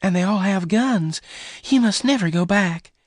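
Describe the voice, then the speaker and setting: A man voicing a gentle, sad young woman who speaks softly and pleads. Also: sits high, a little slow, no echo, studio quality, pitched above the performer's own voice. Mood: alarmed. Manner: raised, soft pleading voice.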